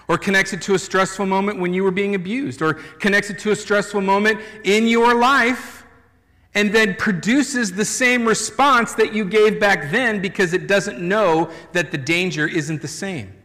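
A man preaching a sermon as a pastor, conversational and animated, with playful asides. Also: sits high, long reverb tail.

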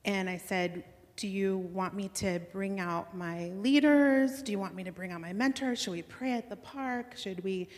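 A woman telling a personal faith story in an earnest, excited way, with lots of "like" fillers and bursts of laughter. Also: mid-range voice, moderate pace. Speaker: speaker sharing a faith testimony. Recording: long hall reverb.

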